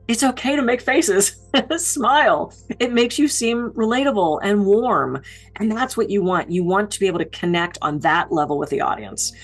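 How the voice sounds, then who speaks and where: Woman keynote speaker with a slightly low voice, chatty and relatable, telling stories. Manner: expressive, down-to-earth storytelling. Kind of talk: conversational speaking advice.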